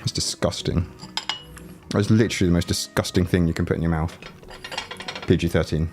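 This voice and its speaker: A man's voice: sits low, fairly even intonation, fairly quick, a little mellow, faint music behind. A man livestreaming from home with a chest cold that leaves his voice rattly, chatting and joking with his viewers in a loose, rambling way. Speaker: livestreaming YouTuber. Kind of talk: casual livestream chat. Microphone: desk mic, no headphones.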